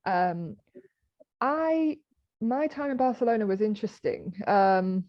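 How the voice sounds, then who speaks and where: British woman, 30s, animated storyteller guest, dry lo-fi recording. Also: mid-range voice, a little slow, dry recording. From Britain. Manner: animated storytelling, acting out quoted exchanges. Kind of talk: conversational interview.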